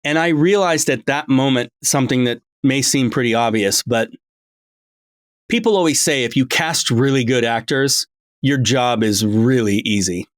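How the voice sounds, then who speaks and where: A man's voice: medium pitch, normal speed, no room sound. A middle-aged man talking as a voice director in a casual interview, rambling and full of ums and restarts. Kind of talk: casual long-form interview. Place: his home.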